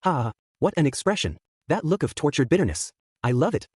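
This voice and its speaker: A man's voice: a little high, very animated, a little fast, breathy edge, dry recording, clean studio sound, pitched above the performer's own voice. A man voicing a cruel, gloating male villain with wax powers, in a mocking, taunting tone.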